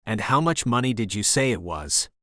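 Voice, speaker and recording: A man's voice: fairly low pitch, very animated, moderate pace, a bit bright, dry recording, studio quality. A man reading as a pushy, rambling woman caller. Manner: rambling, boastful, talks over others. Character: pushy, chatty thirty-something woman caller. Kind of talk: audiobook narration.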